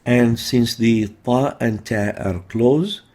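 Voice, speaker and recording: A man's voice: mid-range voice, takes it slowly, a little mellow. A man teaching letter pronunciation in a methodical way, repeating each sound several times for practice. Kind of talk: instructional lesson.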